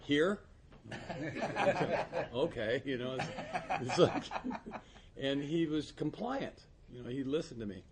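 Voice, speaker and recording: A man's voice: medium pitch, darkish tone, slightly rough. A man in recovery telling a story in casual chat, often laughing mid-sentence and acting out quoted lines. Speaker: podcast guest in recovery.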